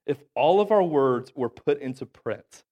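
A man's voice: medium pitch, expressive, measured pace, highs cut off. A man in his thirties with a cough, preaching a conversational sermon as a pastor and checking in with the congregation after nearly every point. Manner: chatty, keeps checking in with "okay?" and "right?". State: has a cough.

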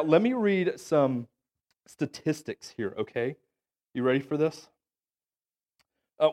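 This man's voice sits a little high with a darkish tone. He's a coughing pastor in his thirties preaching conversationally, chatty throughout and checking in with "okay?" or "right?" after almost every point.

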